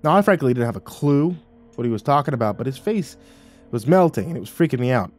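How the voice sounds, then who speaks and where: A man's voice: medium pitch, animated, quick pace, darkish tone, soft background music. A man reading a horror story aloud in a dramatic, wry first-person narration.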